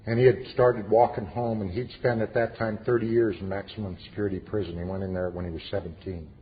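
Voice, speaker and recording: A man's voice: lowish voice, steady tone, fast. A middle-aged man speaking at a recovery meeting, telling his personal story earnestly with flashes of dry humor. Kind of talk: personal testimony talk. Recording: echoey hall, dull lo-fi sound with faint hiss.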